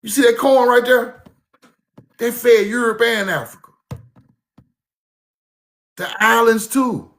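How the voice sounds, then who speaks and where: A man telling stories about his grandmother in a casual monologue. He is animated and profane, and he repeats himself for emphasis. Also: very high voice, slow, pauses often. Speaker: speaker recounting his grandmother's teachings.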